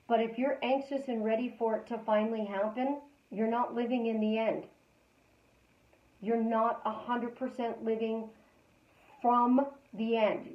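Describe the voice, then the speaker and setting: A woman hosting a live stream as a life coach, talking casually and repeating calm affirmations in a chatty, storytelling way. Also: fairly high pitch, reverberant, dull audio.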